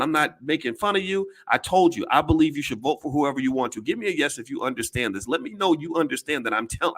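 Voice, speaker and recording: A man's voice: on the high side, a bit bright. A man giving casual commentary to his audience, blunt and emphatic, with some swearing, often repeating words and restarting his sentences.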